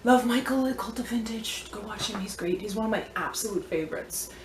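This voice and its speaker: With a brisk, mid-range voice, this woman presents the vintage antiques she sells in a chatty, playful, meandering vlog. A little hiss or hum runs under the echoey room sound.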